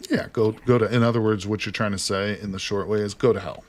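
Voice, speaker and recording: A man with an American accent and a slightly low voice chats on a game live stream. He teases his viewers and his co-player, swearing casually as he jokes. His talk is loose and conversational. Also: fairly even intonation, quick pace, a little hiss or hum. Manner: joking, teasing, swears casually.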